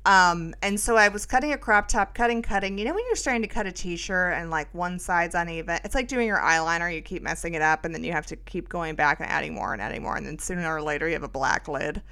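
Bright-voiced chatty middle-aged woman. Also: on the low side, quick pace, few pauses, smooth. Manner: chatty, rambling, self-mocking, lots of fillers. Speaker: podcast host. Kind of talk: casual storytelling monologue.

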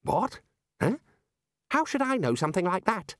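A man's voice: high voice, very animated, normal speed, no echo, studio quality, voice pushed up. A man voicing an earnest young male wizard scholar who asks eager questions.

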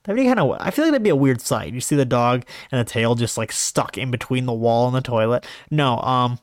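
Man, casual solo host, meandering and animated, mid-pitched, dry close sound. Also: brisk, no room sound. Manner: meandering, many fillers and restarts, animated pitch jumps. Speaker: podcast host. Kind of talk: casual rambling monologue.

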